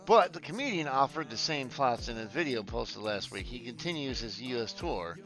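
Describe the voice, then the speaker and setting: A man streaming casually, chatty and quick to laugh, swearing freely and stumbling as he reads news and chat aloud. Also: mid-range voice, animated, fairly bright tone, soft background music.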